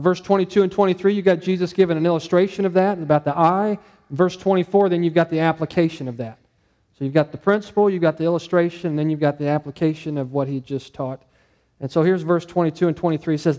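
A male pastor preaching a conversational sermon, animated and acting out his own inner dialogue. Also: on the high side, big-room sound.

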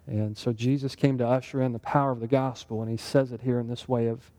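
His voice is mid-range and warm, though his delivery is flat and he talks quickly. He teaches a Bible lesson as an interactive, conversational sermon, frequently asking the group questions.

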